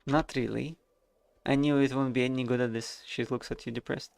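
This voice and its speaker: A man's voice: medium pitch, steady tone, a little fast, gravelly, a little mellow, smooth, no room sound, natural voice. A man reading aloud as a sweet, timid, perky young woman in a game, chirpy and apologetic.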